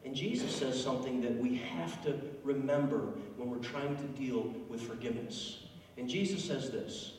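Man preaching in a booming echoey hall. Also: moderate pace. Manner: conversational, emphatic, animated storytelling. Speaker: pastor. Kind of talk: sermon. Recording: echoey hall, distant mic, faint noise.

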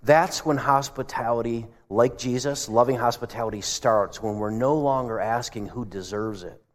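Male pastor preaching, chatty storyteller, mid-pitched voice, lots of big hall echo. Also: moderate pace. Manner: conversational storytelling, asks the congregation questions. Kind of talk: sermon. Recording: long hall reverb.

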